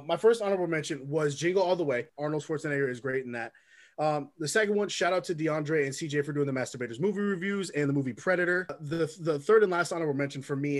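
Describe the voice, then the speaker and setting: A man co-hosting a casual movie podcast, rambling with lots of ums and restarts. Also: on the high side. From lives in Oregon. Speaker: podcast co-host. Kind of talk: casual movie review chat.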